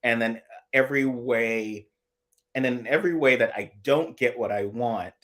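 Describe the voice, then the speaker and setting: A man's voice: mid-range voice, normal speed, a bit bright. A man co-hosting a casual live chat, thinking aloud in long analytical asides with frequent restarts. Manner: rambling, analytical, many restarts. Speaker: co-host.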